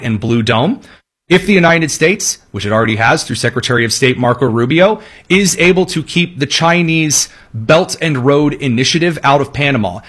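A man's voice: mid-range voice, fairly bright tone. A man delivering a political commentary monologue, sarcastic, with long listing sentences.

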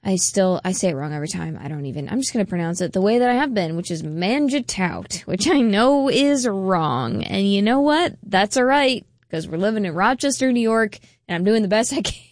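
A woman's voice: mid-range voice, lively intonation, a little fast, hardly any pauses, no room sound, studio quality. A woman radio DJ chatting casually between songs, laughing at herself in a chatty, self-deprecating way.

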